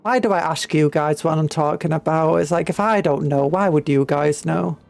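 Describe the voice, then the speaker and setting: A woman's voice: deep voice, normal speed, vocal fry, darkish tone. A woman from Britain streaming a strategy game, chatting playfully and humming to herself.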